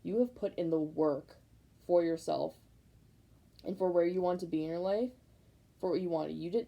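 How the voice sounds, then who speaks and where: A woman's voice: on the low side, gravelly, poor audio. A young woman doing a casual tarot reading, rambling and repeating herself with emphatic, fired-up encouragement. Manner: rambling, repetitive, emphatic, many likes; excited, fired up. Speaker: tarot reader.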